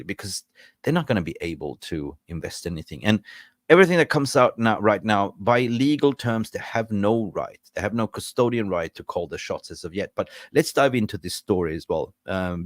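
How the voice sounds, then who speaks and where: A man's voice: on the low side, dry recording, studio quality. A man hosting a casual football live stream, chatty and rambling, ranting in frustration with jokes and greeting viewers.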